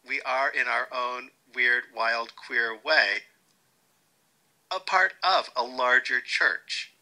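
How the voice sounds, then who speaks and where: Bright-voiced man telling wry anecdotes. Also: mid-range voice, takes it slowly, poor audio. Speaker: interviewee. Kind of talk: storytelling interview.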